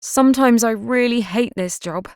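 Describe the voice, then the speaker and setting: A woman's voice: fairly high pitch, normal speed, a little mellow, dry recording, studio quality, pitched above the performer's own voice, lightly acted. A woman voicing a frustrated young female detective who speaks in raised, tense questions in an audiobook. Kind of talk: audiobook character reading.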